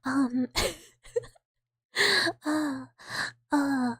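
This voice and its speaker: High-voiced giggly woman, soft ASMR chat. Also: expressive, very slow, no echo. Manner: giggly and playful, slipping between soft speech and whispers. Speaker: streamer. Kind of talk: live ASMR stream chat.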